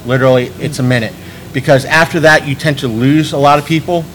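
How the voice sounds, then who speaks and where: A man hosting a podcast in casual chat, rambling and restarting his sentences, animated when he quotes people. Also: medium pitch, fast talker, slight background noise, poor audio. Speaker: podcast host.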